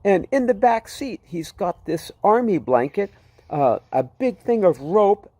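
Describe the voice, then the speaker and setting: A man telling his personal testimony in a vivid, animated way, often repeating himself. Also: high-pitched, unhurried, no room sound. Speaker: testimony speaker.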